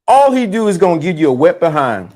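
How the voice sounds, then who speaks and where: High-voiced frank man hosting a stream. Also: very animated, moderate pace, darkish tone. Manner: blunt, frank, slangy, with restarts. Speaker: host. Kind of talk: casual live-stream talk.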